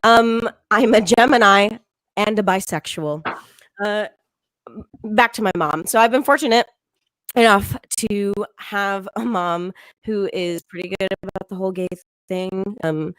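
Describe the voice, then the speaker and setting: A young adult woman-voiced comedian doing a stand-up set from home in a deadpan tone, with frequent ums and little laughs. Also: medium pitch, unhurried, no echo, poor audio. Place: home, virtual show.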